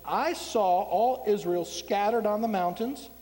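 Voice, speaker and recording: A man preaching a sermon, voicing a blunt male prophet who mocks the king, then forcefully pronounces doom. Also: high-pitched, measured pace, long reverb tail. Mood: bold.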